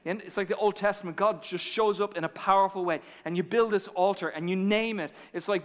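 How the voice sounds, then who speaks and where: A man preaching from the pulpit, his voice sitting a little high for a man. He tells stories and acts out the quotes, rising loud and then falling to near hushes. Long church reverb hangs behind every line. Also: fairly quick, hardly any pauses. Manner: animated storytelling, acting out quotes, swings from loud to hushed. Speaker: pastor. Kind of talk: sermon. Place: large church sanctuary. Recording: long reverb of a large hall.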